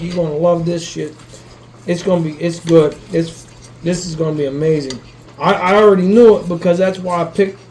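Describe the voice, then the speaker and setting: A man's voice: high voice, mellow, slight background noise, poor audio. A man hosting a casual cooking vlog from his kitchen, rambling, swearing casually and talking straight to his viewers while he cooks. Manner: rambling, swears casually, keeps asking "you know what I mean". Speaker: cooking channel host.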